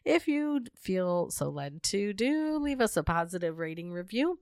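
A woman co-hosting a podcast in casual chat, a little hoarse because she is losing her voice, laughing often and reading show promos in a friendly way. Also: medium pitch, big pitch swings, measured pace, a little mellow, no room sound, clean studio sound. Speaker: podcast co-host.

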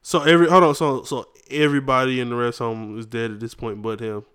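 A man chatting with a friend, throwing in jokes and quick remarks. His voice is smooth and clear at a middling pitch. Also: little pitch movement, a bit bright. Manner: joking, quick interjections. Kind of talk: casual chat.

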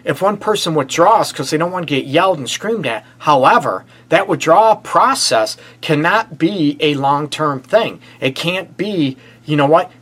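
A middle-aged man from the Detroit area hosting a casual relationship advice show, blunt and animated, often calling his listeners "people". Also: fairly high pitch, normal speed, few pauses. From Detroit area, USA. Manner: animated and blunt, addresses listeners as "people", frequent "you know what". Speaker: relationship counselor and show host.

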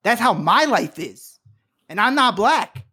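A woman's voice: fairly high pitch, very animated, measured pace, sharp tone, slightly rough. A woman co-hosting a podcast, ranting in casual chat with angry, profane, emotional force. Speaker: podcast co-host.

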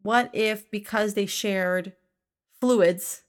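A woman's voice: medium pitch, fairly even intonation, very slow. A woman co-hosting a casual podcast chat about a film, emphatic and swearing freely. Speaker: podcast co-host reviewing a film.

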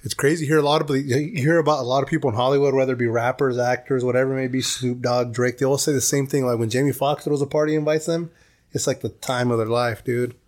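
Sex: male. Role: podcast co-host. Style: casual chat. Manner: chatty, rambling. Pitch: middle. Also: steady tone, quick pace, a little mellow.

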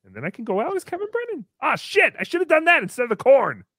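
A man hosting a comedic livestream, thanking members in a goofy, animated manner. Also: very high voice, fast talker, no room sound, clean studio sound. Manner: goofy, animated, swinging between squeals and mumbles. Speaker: livestream host. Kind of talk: comedic live-stream chat.

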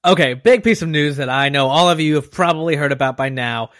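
A man's voice: fairly high pitch, a bit bright, no echo, clean studio sound. A man hosting a fantasy football podcast, chatting and joking casually with his co-host. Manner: joking, quick banter with a friend. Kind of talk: casual chat.

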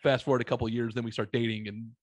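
A man spins loose, profanity-laced stories in an easygoing chat, jumping from one aside to the next with plenty of swearing. His voice is mid-pitched and sits dry and close, with no room sound around it. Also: rapid-fire, dry recording. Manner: profane, rambling, animated anecdotes. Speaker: podcast guest. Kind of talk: casual storytelling.

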